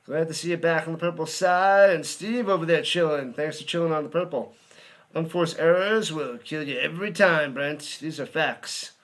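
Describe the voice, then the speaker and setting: A man hosting a live watch party, giving excitable play-by-play commentary and chatting with viewers. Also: a little high, moderate pace. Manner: excitable, chatty, hums and sings to himself.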